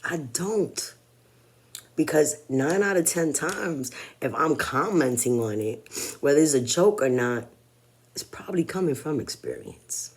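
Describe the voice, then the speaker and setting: A woman's voice: very deep voice, lively intonation, a little slow, slightly rough. A woman in her forties talking in a personal vlog monologue, blunt and candid, swearing freely. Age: 40s. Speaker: vlogger.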